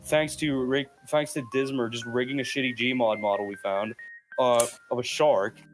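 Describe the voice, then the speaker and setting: A man's voice: medium pitch, steady tone, normal speed, soft background music. Young man rambling through profane stories. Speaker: podcast host. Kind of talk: casual chat. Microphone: headset.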